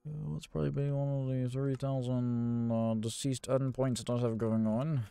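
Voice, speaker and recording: A man's voice: medium pitch, level tone, moderate pace, vocal fry, mellow, smooth. A man giving profane, exasperated gameplay commentary and taunting game enemies aloud. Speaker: gaming YouTuber.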